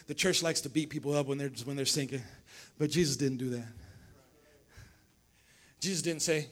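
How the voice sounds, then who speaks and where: A man's voice on the high side, moderately paced and marked by long pauses, carries a lively call-and-response sermon. The pastor fires questions at his congregation during the church service and repeats phrases.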